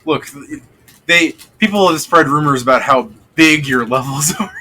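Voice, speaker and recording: A man's voice: a little high, normal speed, sharp tone, slight background noise, low-quality recording. A man narrating as game master, casual and rambling, swearing freely. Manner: rambling, profane and loose.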